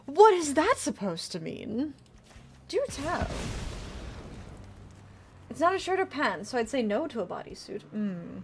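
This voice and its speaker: A soft, slow, teasing motherly persona, put on by a woman streamer. The voice sits high but lilts widely, coy and unbothered as she plays. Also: sing-song, slight background noise, full character voice. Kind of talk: live game stream commentary.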